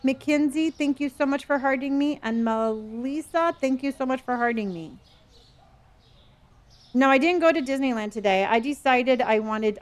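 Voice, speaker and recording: A middle-aged woman streaming a game, chatting playfully with viewers and answering their chat messages. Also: high-pitched.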